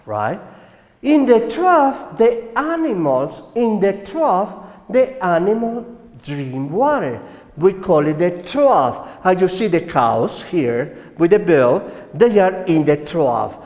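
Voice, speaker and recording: A man with a Colombian Spanish accent, a native Spanish speaker, teaching a slow classroom English lesson and often checking with "right?". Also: sits high, darkish tone. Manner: slow, repeats words and asks "right?". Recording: echoey room with long reverb.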